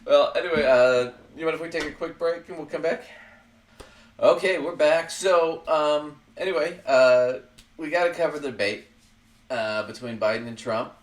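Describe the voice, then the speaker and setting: A man's voice: on the high side, moderate pace. A man hosting a podcast, chatting casually about politics in a blunt, profane way, often laughing at his own jabs. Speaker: podcast host. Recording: roomy sound, far from the mic.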